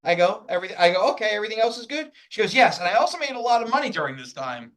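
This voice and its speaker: A man's voice: high-pitched, very animated, rapid-fire, fairly bright tone. A man in casual chat, animatedly retelling a text exchange and acting out both sides. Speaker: co-host. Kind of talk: casual chat, reading out chat messages.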